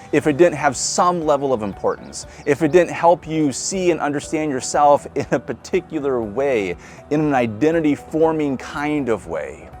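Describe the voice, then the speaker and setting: A man's voice: a little high, darkish tone. A man with a Midwestern accent preaching a conversational sermon, asking the congregation questions as he goes. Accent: Midwestern American. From Nebraska. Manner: conversational, asks the congregation questions, laughs lightly. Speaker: pastor.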